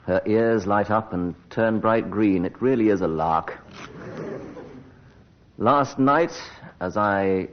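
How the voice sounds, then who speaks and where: A man improvising comic verse as a panelist on a radio game show, in a measured, deadpan way. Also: lowish voice, a little hiss or hum. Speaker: comedy panelist. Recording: dull 1980s radio recording.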